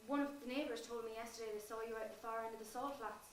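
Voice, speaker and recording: A woman with an Irish accent playing a young wife and mother in a stage play, singing a lullaby and asking quick, probing questions. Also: fairly high pitch, fairly even intonation, a little hiss or hum, natural voice. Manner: quick, questioning, sing-song. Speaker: stage actor. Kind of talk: chanted and sung lullaby. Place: theatre stage. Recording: echoey stage from far off.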